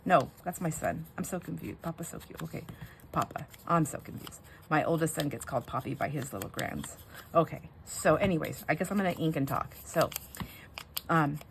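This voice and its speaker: An older woman with a fairly low voice talks casually to her viewers while she crafts. She rambles and gets sidetracked, emotional at heart. A light background hiss sits under her voice. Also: gravelly. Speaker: crafting vlogger.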